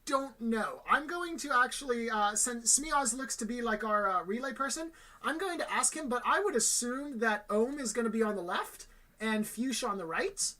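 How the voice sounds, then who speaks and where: Bright-voiced woman commentating a game. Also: on the high side, expressive, moderate pace. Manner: upbeat, joking banter with co-host. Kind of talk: live tournament commentary.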